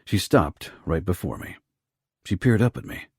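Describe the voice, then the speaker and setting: A man narrating a first-person romance audiobook in a low, rough, hushed delivery. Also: very animated, normal speed, no echo, clean studio sound.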